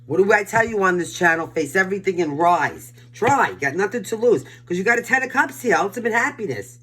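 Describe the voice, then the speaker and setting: A woman's voice: medium pitch, animated, a little fast, a bit bright, slightly rough. Blunt older New York woman reading tarot. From Brooklyn, New York. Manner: blunt, emphatic, pep-talk delivery. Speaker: tarot reader. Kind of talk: casual collective tarot reading.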